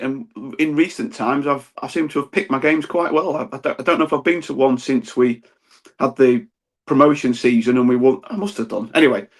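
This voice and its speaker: A man co-hosts a football fan podcast, rambling through his memories of a match. He talks in a casual, self-deprecating way with restarts. His voice is an ordinary middle pitch. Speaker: podcast co-host.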